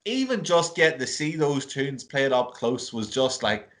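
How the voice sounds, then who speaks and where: A man's voice: medium pitch, very animated, normal speed, a bit bright. An Irish man from Ireland, a podcast guest on a video call, telling a long story in casual chat, swearing freely and full of fillers.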